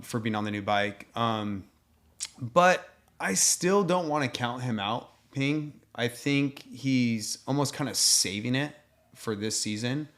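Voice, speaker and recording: A man's voice: medium pitch, fairly bright tone. A man co-hosting a casual racing chat, agreeable and a little hesitant, with frequent ums. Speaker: podcast co-host.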